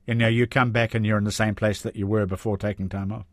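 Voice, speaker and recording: A man's voice: lowish voice, little pitch movement, quick pace, dry recording, clean studio sound. A man hosting a radio interview, putting conversational questions with tag questions to his guest. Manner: conversational, leading questions with tags. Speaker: interview host.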